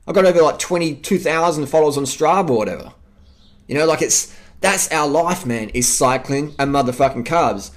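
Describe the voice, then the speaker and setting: An Australian man rants straight to his viewers in a vlog, swearing freely and driving each point home through repetition. His voice sits a little higher than most men's, and he talks with blunt, restless conviction. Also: expressive, brisk. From South Australia. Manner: profane, emphatic and repetitive. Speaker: vlogger. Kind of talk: unscripted rant to camera.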